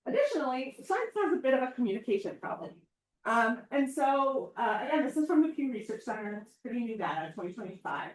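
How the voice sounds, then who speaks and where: Chatty woman prof giving a talk, kinda high voice, echoey and far from the mic. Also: quick pace. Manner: chatty, uses "right?" and "like" often; animated, acts out quoted voices. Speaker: assistant professor giving a public talk. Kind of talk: informal lecture. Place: outdoor event or hall.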